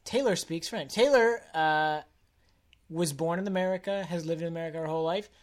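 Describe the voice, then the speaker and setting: A woman's voice: on the low side, brisk. A woman from the Midwest co-hosting a casual chat, dry and skeptical. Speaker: podcast co-host. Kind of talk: casual chat recapping a dating show.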